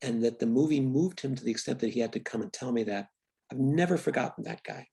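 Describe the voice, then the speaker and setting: Older guy, gravelly kinda husky voice, thoughtful interview talk, lots of restarts and quiet trail-offs. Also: mid-range voice. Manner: reflective, restarts often, quiet trailing pauses. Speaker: film writer and director, guest. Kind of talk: candid interview storytelling.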